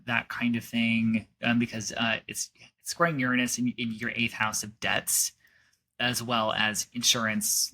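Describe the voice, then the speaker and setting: A man's voice: mid-range voice, bright, forceful tone. A man giving a casual astrology forecast, chatty and rambling, with many fillers and restarts.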